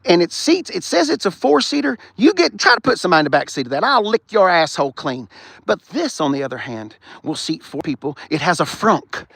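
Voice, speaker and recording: A man's voice: sits high, big pitch swings, brisk, vocal fry, fairly bright tone, slightly rough, no room sound, clean studio sound. A middle-aged man, hosting a casual walk-around car review and ranting with blunt, profane opinions.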